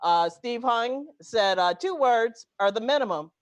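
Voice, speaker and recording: Bubbly improv host, woman, high voice, video call. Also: animated, a little slow. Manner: bubbly, laughs often. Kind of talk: online improv show, in and out of scenes.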